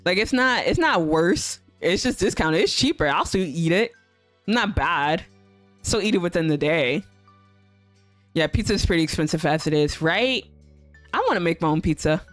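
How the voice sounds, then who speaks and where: A woman's voice: fairly low pitch, animated, normal speed, a bit bright, no echo, soft background music. A young woman streaming a visual novel, reading it aloud and chatting in a giggly, gushing way.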